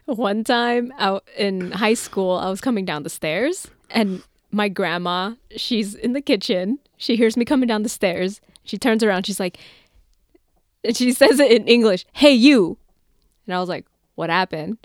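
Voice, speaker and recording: A woman co-hosting a podcast in casual chat, teasing and chiming in quickly. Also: mid-range voice, no room sound, clean studio sound. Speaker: podcast co-host.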